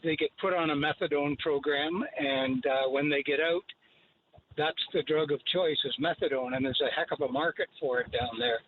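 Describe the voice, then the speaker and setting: A man in his eighties calling in to a radio show, speaking in a halting way with frequent pauses. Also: fairly high pitch, slight background noise. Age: 80s. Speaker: caller. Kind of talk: phone-in opinion. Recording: tinny phone line.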